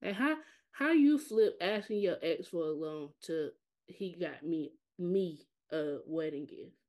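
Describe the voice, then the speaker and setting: A woman co-hosts a casual recap podcast, dropping dry, blunt one-liners between stretches of retelling. Her voice is very low and warm. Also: measured pace. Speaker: podcast co-host.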